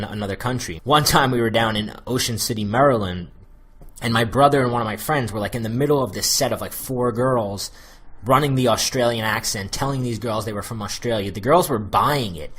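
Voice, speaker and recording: This American man has a fairly low, slightly bright voice with a breathy edge. He coaches on dating in a loose, chatty spoken monologue packed with fillers.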